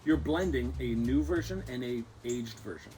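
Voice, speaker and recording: A man's voice: medium pitch, animated, moderate pace, warm tone, a little hiss or hum, low-quality recording. A man co-hosting a casual beer-tasting chat, playful and jokey, explaining with many restarts. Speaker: co-host.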